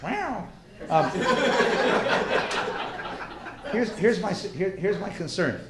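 A high-voiced male lecturer teaching a class and firing questions at the room. His delivery is animated and pushy. The sound is roomy, like a lecture hall. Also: drawn-out words, crowd noise. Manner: animated, quizzing the audience.

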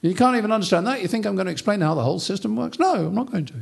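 A man's voice: high-pitched, expressive, very fast, creaky, slightly rough, pitched above the performer's own voice, full character voice. A breezy, offhand God, as a man puts him on. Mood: lofty. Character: lofty, playful male God, amused and unbothered.

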